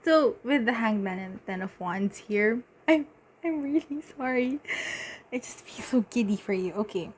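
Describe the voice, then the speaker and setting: A woman giving a casual tarot reading, talking in halting bursts with lots of fillers and giddy laughter. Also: mid-range voice, slight background noise. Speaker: tarot reader.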